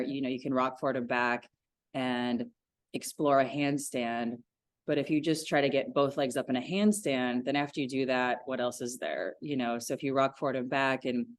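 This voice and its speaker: A woman in her forties, a yoga teacher, talking about her practice in a casual podcast interview, enthusiastic and quick to laugh. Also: rumbling low, darkish tone, dry recording, clean studio sound. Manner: enthusiastic, laughs easily, thoughtful.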